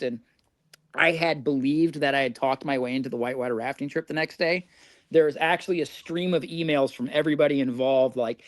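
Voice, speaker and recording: Brisk and mid-range, this dry recording features an Indiana man in his forties guesting on a podcast. He spins casual stories in a chatty way, laughing through them as he goes.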